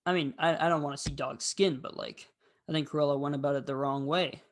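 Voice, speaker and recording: Man hosting a film review show, somewhat high voice, casual, rambling and candid. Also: fairly even intonation, brisk. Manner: rambling, candid, with frequent fillers.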